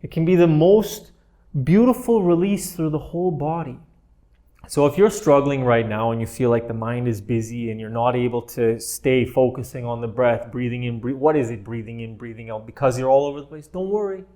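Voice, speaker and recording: Gentle, playful male meditation teacher. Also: medium pitch, moderate pace. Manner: gentle, playful, laughs often. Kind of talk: guided meditation class.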